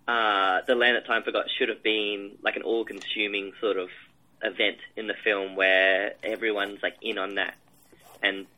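A man's voice: fairly low pitch, pushed and bright, low-quality recording. A man, a film director, describing his shoot in a casual interview, rambling with many fillers and restarts.

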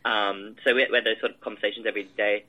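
A man's voice: fairly low pitch, little pitch movement, rapid-fire, lo-fi sound. A man, a film director, describing his shoot in a casual interview, rambling with many fillers and restarts.

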